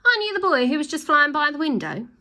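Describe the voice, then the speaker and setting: A woman voicing a shifty adult man in a storybook reading, quick and feigning innocence. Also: high voice, very animated, sharp tone, pitched above the performer's own voice, full character voice. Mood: evasive.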